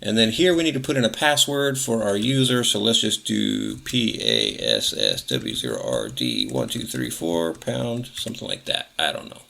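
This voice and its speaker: A man hosting a tech tutorial, casually narrating each step of a software setup and correcting himself as he goes. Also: on the low side, big pitch swings, moderate pace, creaky, few pauses. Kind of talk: screen-recorded software walkthrough.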